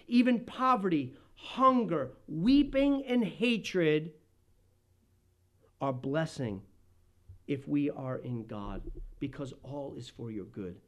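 A man delivering a sermon, moving between quick asides and slow, loud, emphatic lines. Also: fairly high pitch, lively intonation. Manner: impassioned preaching with sudden loud and slow emphatic phrases. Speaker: pastor.

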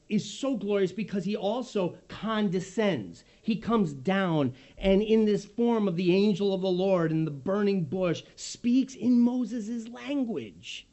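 A man preaching a sermon as pastor, swinging from loud emphasis to hushed, near-whispered lines. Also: sits high, highs cut off.

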